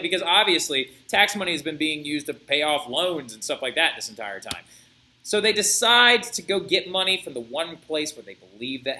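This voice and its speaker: Bright, animated male history teacher. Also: fairly high pitch, a little hiss or hum, poor audio. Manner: animated storytelling, frequent "right?" check-ins. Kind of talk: flipped-classroom video lecture.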